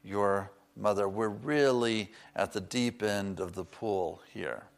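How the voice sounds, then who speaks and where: A man preaching a sermon, earnest and personal, slowing down to stress key words and dropping in chatty asides. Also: fairly low pitch, gravelly.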